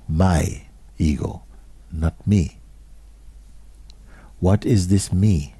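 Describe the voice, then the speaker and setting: A man as a spiritual teacher giving a slow, questioning talk to an audience, repeating short phrases and sometimes dropping almost to a whisper. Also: deep voice, dark tone, husky, no room sound.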